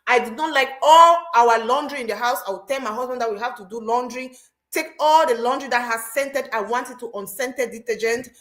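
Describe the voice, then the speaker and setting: A woman telling stories in casual chat as a host, animated and often repeating herself. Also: a little high, fairly quick. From Cameroon.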